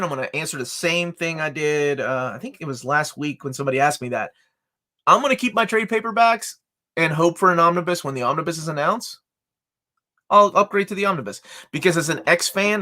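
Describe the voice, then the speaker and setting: A man's voice: a little high, brisk, bright, forceful tone. A man co-hosting a live chat show, joking and reading viewer comments aloud. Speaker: co-host.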